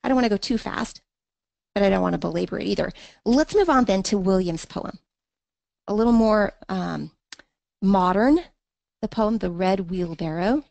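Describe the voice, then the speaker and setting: Gravelly woman teaching poetry online. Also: medium pitch, normal speed, pauses often, darkish tone, no echo. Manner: thinks aloud with fillers, reads verse rhythmically. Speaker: literature teacher. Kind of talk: online class lecture on poetry.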